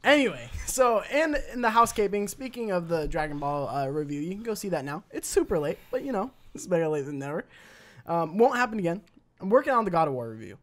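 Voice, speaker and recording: A male podcast host whose voice swings up and down in lively, animated banter. He talks casually, laughs often and swears freely while he runs the show. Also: high voice, fast talker. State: sick with a cough. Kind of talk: casual chat.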